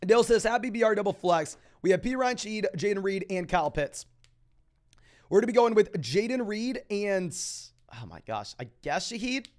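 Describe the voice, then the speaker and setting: On a fantasy football live stream, a young man with a high voice reads out viewer questions and fires back answers in quick, energetic sports talk.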